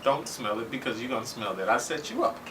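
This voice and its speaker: A man quoting an irritated, blunt young woman in a quiet, sharp, cursing voice. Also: medium pitch, lively intonation, fast talker, far from the mic, background noise, close to an everyday voice.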